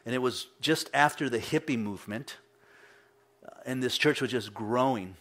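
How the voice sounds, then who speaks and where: Man, pastor, conversational sermon, storytelling, bursts of loud mimicry. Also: medium pitch, moderate pace. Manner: storytelling, mimics people he quotes with sudden loud outbursts.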